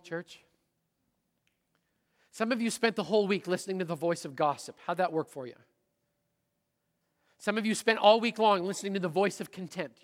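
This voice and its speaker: A middle-aged man preaching a sermon as pastor, swinging between loud emphasis and a near-whisper. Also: high-pitched. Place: church sanctuary. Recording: long hall reverb.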